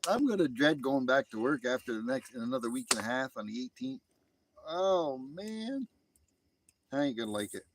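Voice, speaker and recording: A man's voice: mid-range voice, sing-song, normal speed, a little hiss or hum. A man hosting a casual late-night live stream, talking outdoors in a laid-back way, chuckling often and reading out chat messages.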